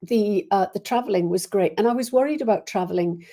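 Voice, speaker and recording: A Welsh woman with a Welsh accent hosts a live stream, greeting her viewers in casual, rambling chat full of fillers and restarts. Her medium-pitched voice is warm and fairly quick.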